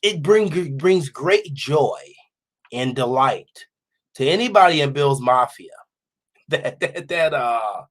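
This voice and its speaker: A male podcast host in casual sports talk, animated and laughing often as he talks. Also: medium pitch, slow pace. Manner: animated, laughs a lot while talking.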